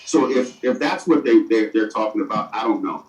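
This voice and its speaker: A man's voice: lowish voice, lively intonation, normal speed, lo-fi sound, soft background music. A middle-aged man, a city mayor, answering interview questions earnestly and often stumbling over and repeating his words, recorded far from the mic in an echoey room.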